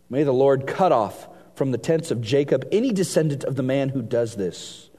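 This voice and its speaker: A man preaching a sermon, reading scripture aloud and swinging between hushed and emphatic delivery. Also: a little high. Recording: long hall reverb.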